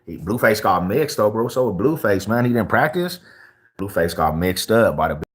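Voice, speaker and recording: Husky low-voiced man chatting on stream. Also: animated, normal speed. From Colorado, USA. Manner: laid-back street slang, greets viewers. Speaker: livestreamer. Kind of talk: casual livestream chat.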